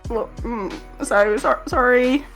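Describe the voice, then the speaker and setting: A woman's voice: fairly high pitch, takes it slowly, a bit bright, faint music behind. A woman player introducing herself hesitantly with nervous laughs over a video call. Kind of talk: casual chat.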